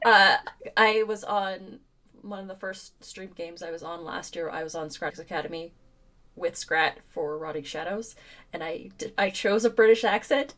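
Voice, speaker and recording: A woman's voice: lowish voice, measured pace, fairly bright tone. A woman co-hosting a casual livestream chat. She talks in a chatty way and laughs at herself. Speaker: co-host.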